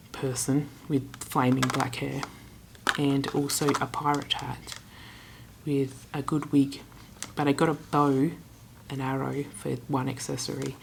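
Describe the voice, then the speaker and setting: A young Australian woman chatting casually in a travel vlog, retelling her conversations with quick asides. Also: a bass voice, vocal fry, background noise. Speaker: travel vlogger.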